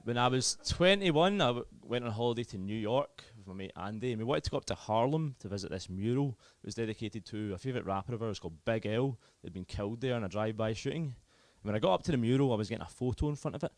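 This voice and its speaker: A man's voice: mid-range voice, lively intonation, fast, few pauses, no echo. A young Scottish man with a Scottish accent performing a self-deprecating, chatty stand-up comedy set. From Scotland.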